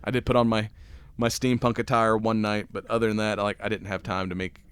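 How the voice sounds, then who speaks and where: A man hosting a casual podcast, hoarse and raspy after a weekend of cigars and whiskey, talking in a laid-back, rambling way with easy laughs. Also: fairly low pitch, little pitch movement, fairly quick, slight background noise. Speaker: podcast host.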